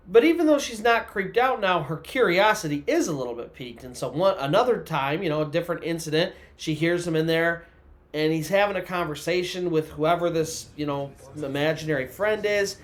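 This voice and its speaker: A man's voice: fairly high pitch, a little fast. A man telling a creepy story in a loose, conversational way, with lots of filler words. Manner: conversational, loose, full of "you know" and "kinda". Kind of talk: casual storytelling narration.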